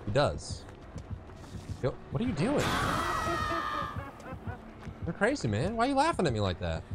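A man commentating his own gameplay, excitable and teasing, swinging from quiet mutters to sudden shouts. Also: sits high, normal speed, very noisy. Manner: banters with the opponent, teasing.

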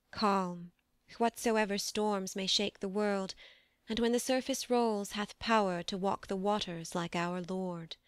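A woman reading a proud queen's long, earnest account, in steady storytelling verse, within an audiobook. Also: mid-range voice, no echo, studio quality, close to an everyday voice. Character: proud queen, devoted to her brother's cause.

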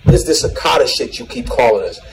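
A man, a comedian born in the United States, ranting in an animated, profane way with shouted peaks. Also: mid-range voice, fairly quick, a little hiss or hum, poor audio. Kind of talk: comedic rant in a played clip.

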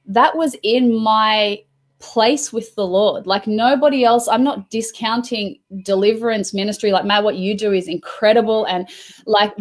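A woman's voice: mid-range voice, moderate pace. Earnest woman telling a prayer story. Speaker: host. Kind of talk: casual chat.

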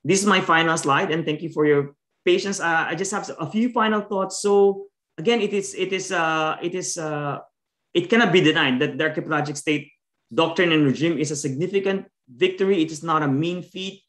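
A man from the Philippines, giving an academic talk as a discussant over a video call, measured and full of fillers and restarts. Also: fairly high pitch, a bit bright. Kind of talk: academic lecture. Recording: roomy, echoey video-call audio.

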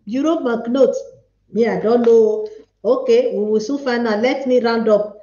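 A woman's voice: fairly high pitch, moderate pace, mellow. A woman with a Nigerian accent hosting a casual live stream, playfully chatting and reading out viewers' comments. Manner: playful, chatty, mixes pidgin with English. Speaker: livestream host. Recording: echoey room, slightly dull sound.

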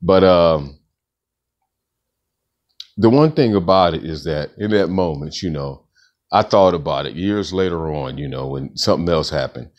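A man's voice: unhurried, pauses often, a little mellow, muffled recording. A middle-aged man casually telling a personal story, rambling and slangy, with lots of fillers. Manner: rambling, slangy, acts out quoted friends in a higher voice. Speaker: author and storyteller.

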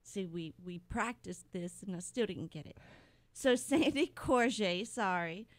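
A woman's voice: medium pitch, animated, unhurried. A middle-aged woman, hosting a casual radio birthday segment and laughing at her own slips. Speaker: radio host reading birthdays.

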